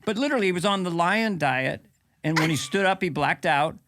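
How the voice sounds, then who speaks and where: Snarky high-voiced comic man. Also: animated, noisy background. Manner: snarky, quick asides, chuckling commentary. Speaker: podcast host. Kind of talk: comedic monologue.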